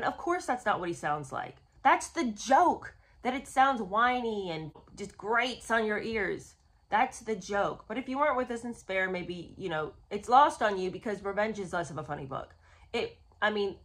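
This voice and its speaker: Animated, bright-voiced woman host. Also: mid-range voice. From United States. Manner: animated, sarcastic, exasperated asides. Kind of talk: casual book review commentary.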